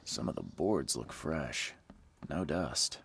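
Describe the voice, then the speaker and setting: A man voicing a weary, gruff 1920s private investigator in a video game, with terse, dry remarks. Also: lively intonation, takes it slowly, a bit bright, a little hiss or hum, exaggerated voice. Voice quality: deep, gravelly. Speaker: game protagonist.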